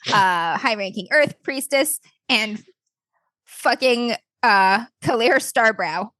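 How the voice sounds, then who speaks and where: A woman's voice: a little high, slow pace, fairly bright tone, no echo. Giggly woman recapping a game session. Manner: giggly, laughs through her lines. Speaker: player.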